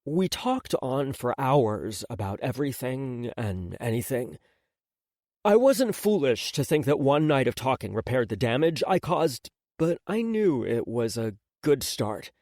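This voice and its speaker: A man narrating a first-person romance audiobook in an expressive, intimate way. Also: mid-range voice, no room sound, studio quality.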